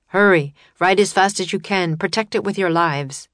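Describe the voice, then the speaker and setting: A woman's voice: fairly low pitch, moderate pace, fairly bright tone, dry recording, clean studio sound, natural voice. A woman voicing a grown man, a caravan leader giving firm, urgent orders in a storybook. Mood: commanding.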